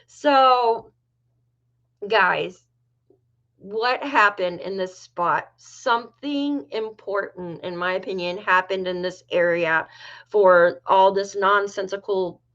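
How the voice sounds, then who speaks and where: A woman's voice: mid-range voice, slow pace, fairly bright tone, highs cut off. A middle-aged woman from New York hosting a casual livestream, chatting with viewers and reading their comments aloud. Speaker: livestream host.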